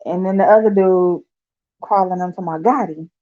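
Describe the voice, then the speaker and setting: A woman's voice: fairly low pitch, normal speed. Chatty swearing woman, dull lo-fi sound. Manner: loud and expressive, laughs a lot, swears casually. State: yawning, tired. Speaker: vlogger. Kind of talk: casual chat to viewers.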